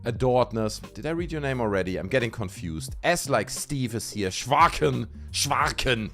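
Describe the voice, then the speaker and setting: A man's voice: mid-range voice, lively intonation, brisk, faint music behind. A man with a German accent hosting a live stream, a theatrical, playful showman. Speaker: livestream host. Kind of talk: hyped live-stream chat.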